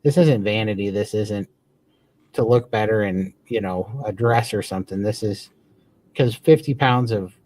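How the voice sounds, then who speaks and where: Low-voiced man, eager livestream co-host. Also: moderate pace, darkish tone, no room sound. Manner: enthusiastic, grateful, rambling. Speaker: podcast co-host. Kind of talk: casual livestream chat.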